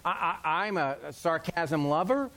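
A middle-aged male pastor preaching with a noticeably high voice. He is animated and conversational, slips into quick acted-out voices, and jokes at his own expense. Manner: animated, acts out quoted voices, self-deprecating humor. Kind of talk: sermon.

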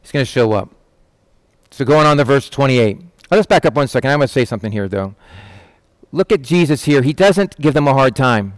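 With a brisk, mid-range voice and no room sound, a man delivers a lively, conversational sermon. He often asks "right?" and acts out quoted lines in changing voices.

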